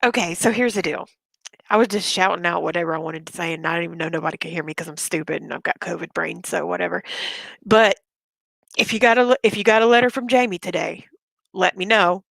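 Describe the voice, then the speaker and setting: A woman's voice: fairly low pitch, fast talker, creaky, fairly bright tone, dry recording. A woman ranting bluntly and with a lot of swearing in a casual live stream, sick with covid and short of breath. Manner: blunt, profane, fired-up. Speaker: livestreamer.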